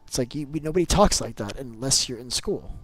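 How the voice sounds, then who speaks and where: A man's voice: mid-range voice, animated, fairly quick, soft background music, rough recording. Rambling, opinionated male game streamer. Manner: rambling and opinionated, often going on rants; loose and chatty, many "like" fillers. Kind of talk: casual live gameplay chat.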